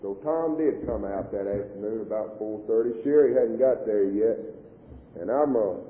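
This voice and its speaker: A man's voice: fairly low pitch, moderate pace, a little hiss or hum. Middle-aged guy telling his story at a meeting, folksy, tinny old tape, echoey hall. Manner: folksy, plain-spoken storyteller. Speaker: AA meeting speaker. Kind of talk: personal recovery testimony.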